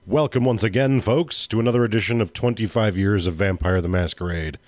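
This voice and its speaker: Brief: male podcast host, low voice, steady and expressive dramatic reading. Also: a little fast, few pauses, no echo.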